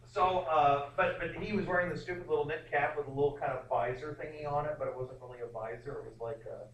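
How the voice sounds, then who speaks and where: A man teaching a history class, lecturing in a rambling, animated way with many fillers and restarts. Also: a little high, fast, slight background noise. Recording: echoey classroom from far off.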